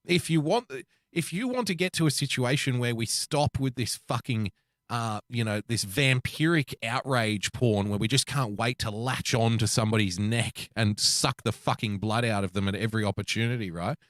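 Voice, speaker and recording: A man's voice: medium pitch, moderate pace, fairly bright tone, dry recording, studio quality. A man co-hosting a podcast, ranting in a profane, emphatic casual chat. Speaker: podcast co-host.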